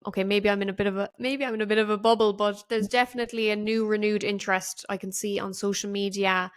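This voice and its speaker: A woman's voice: medium pitch, little pitch movement, quick pace. Woman, podcast host, earnest conversational interviewer, mid-range voice. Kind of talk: interview questions.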